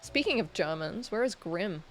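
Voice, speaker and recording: A woman's voice: mid-range voice, animated, moderate pace, faint music behind. A woman streaming and chatting casually with her viewers. She rambles and hesitates, with lots of fillers and restarts. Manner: talks to chat viewers. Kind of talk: casual livestream chat.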